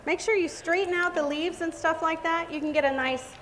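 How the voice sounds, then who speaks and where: A woman's voice: very high voice, fairly even intonation, a little fast, fairly bright tone. A woman giving a live cake decorating demonstration, chatty and exclamatory. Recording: reverberant hall with faint noise.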